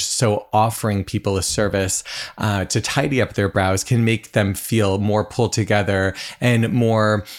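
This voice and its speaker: Man, lowish voice, brow expert guest, polished and upbeat explaining. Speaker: eyebrow specialist guest. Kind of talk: casual podcast interview.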